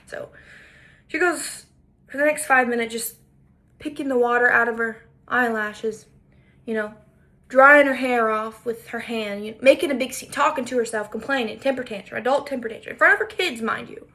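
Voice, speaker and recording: A woman's voice: fairly high pitch, a bit bright. A woman podcaster telling a story in an indignant, emphatic commentary monologue with lots of repetition.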